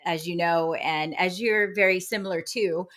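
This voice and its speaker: A woman's voice: on the low side, fairly even intonation, moderate pace, fairly bright tone. A woman who is a guest medium, chatting cheerfully with many filler words and frequent laughs. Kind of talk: casual interview chat.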